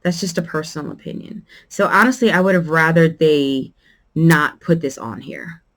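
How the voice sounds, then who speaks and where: A woman hosting a quilting channel who gives a casual product review vlog, rambling and chatty with many pauses and fillers, and shows items to the camera as she talks. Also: low voice.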